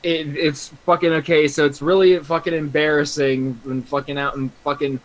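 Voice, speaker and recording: A man's voice: fairly high pitch, flat delivery, moderate pace, rough recording. A young man on an online voice call, telling rambling stories with constant swearing and frequent laughter. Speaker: streamer's guest on voice chat. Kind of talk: casual chat.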